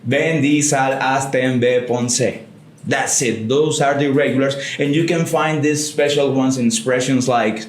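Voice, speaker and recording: A man's voice: mid-range voice, fairly even intonation, a little slow. A man co-hosting a language podcast, patiently explaining grammar step by step in casual chat. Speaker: podcast co-host, Spanish teacher. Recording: roomy studio echo.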